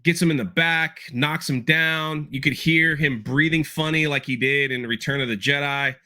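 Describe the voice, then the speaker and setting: A slightly high, sharp male voice holds a steady tone at a moderate pace. He's hosting a relaxed podcast conversation about an episode, rambling, repeating words and putting feeling into quoted lines.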